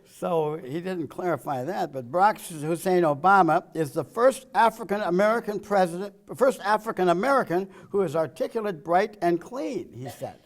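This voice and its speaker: A man giving a political speech full of jokes and one-liners, chuckling at his own punchlines and swinging between loud quips and low, muttered asides. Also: lively intonation, normal speed, few pauses. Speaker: political speaker. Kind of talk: joke-filled political speech.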